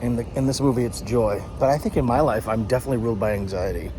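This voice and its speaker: Guy venting in a personal vlog, middle pitch, blunt and fed up, swears a lot. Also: racing, noisy background. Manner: frustrated, blunt, swears often. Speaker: vlogger. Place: partly outdoors in summer heat.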